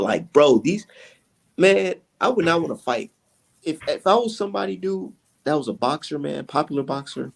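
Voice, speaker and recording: A man with a gravelly, slightly husky voice that swings widely in pitch. He talks boxing in a heated, profane, rambling way, like a co-host ranting with a friend. His voice sits a little high for a man. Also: animated, a little fast. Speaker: podcast co-host. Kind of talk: casual boxing chat.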